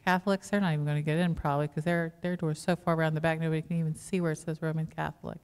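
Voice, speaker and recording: A woman pastor delivers a sermon in a church, her fairly low voice smooth and resonant. She preaches in a chatty way, often asking the congregation questions. The sound carries a long church reverb. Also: little pitch movement, very fast, darkish tone. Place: church sanctuary.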